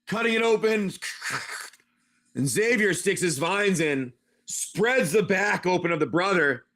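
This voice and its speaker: A man's voice: sits high, expressive, measured pace, a bit bright. A man running a tabletop game on a live stream, narrating each move play by play. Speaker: game master.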